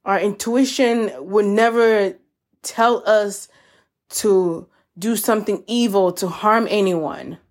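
Woman host, reflective self-help talk, unhurried and gentle, mid pitch, warmly encouraging listeners. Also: fairly even intonation. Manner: slow, gentle and encouraging, addressing listeners as y'all. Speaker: podcast host.

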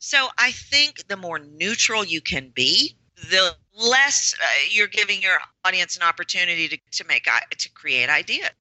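Woman voice coach, interview guest, low voice with a bright forceful edge, emphatic. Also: expressive, moderate pace, few pauses, dry recording, low-quality recording. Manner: emphatic, repeats words for stress. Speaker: voice and presentation coach. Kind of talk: podcast interview answers.

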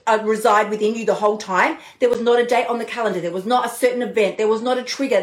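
Lively, echoey woman coaching live. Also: fairly high pitch. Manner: animated, playful, swears casually. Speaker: podcast host and diet coach. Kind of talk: live motivational talk.

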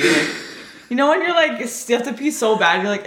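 A woman's voice: a little high, big pitch swings, fairly quick, a bit bright. Giggly young woman in an echoey room. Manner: giggly, chiming in, frequent "like" fillers. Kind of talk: casual chat.

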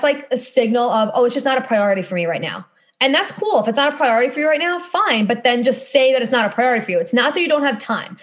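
A woman in her thirties hosting a casual podcast monologue, talking bluntly and emphatically, with casual swearing. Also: a little high. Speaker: podcast host and course coach.

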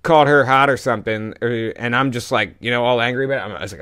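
A young man co-hosting a casual chat, rambling through animated stories with swearing. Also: mid-range voice, racing, few pauses, smooth. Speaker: podcast co-host.

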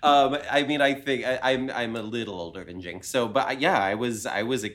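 A man's voice: mid-range voice, fairly quick, fairly bright tone. A man appearing as a podcast guest in casual chat, playful and self-mocking, recalling things in a rambling way.

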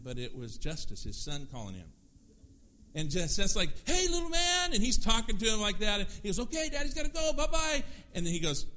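A man preaching a sermon as pastor, lively and conversational, acting out prayers and quoted voices. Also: medium pitch.

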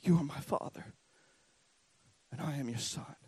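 A middle-aged male pastor delivering a fervent sermon, pitched a little high and sounding close and dry. He builds to loud cries and then drops to soft, almost whispered lines. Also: moderate pace, husky, no echo. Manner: impassioned, swinging between loud cries and hushed near-whispers.

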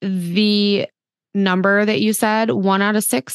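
A woman's voice: medium pitch, flat delivery, slow, clear, resonant tone, no room sound, clean studio sound. A woman in her thirties hosting a podcast, talking in a casual, earnest, chatty way with lots of "like" fillers. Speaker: podcast host.

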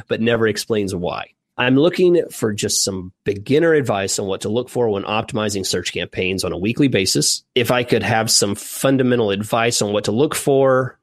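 A man's voice: fairly low pitch, no room sound. A man from Texas co-hosting a casual Q&A podcast, reading a listener email aloud with joking asides. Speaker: podcast co-host.

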